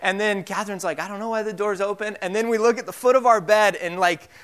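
A young man preaching with a high, smooth voice. He talks casually, full of fillers and restarts, like a pastor telling stories. The voice stays clear throughout. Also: fairly even intonation, fast, a bit bright. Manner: casual storytelling with frequent fillers. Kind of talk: sermon.

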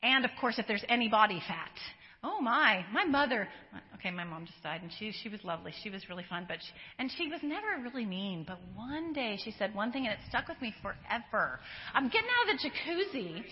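A high, lively woman's voice speaks to a live audience in a big hall. She talks like a counselor, chatty and animated, often slipping into quoted remarks with quick asides to the crowd. The sound is dull and lo-fi and carries a long reverb. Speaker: counselor giving a talk. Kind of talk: conversational lecture to a live audience.

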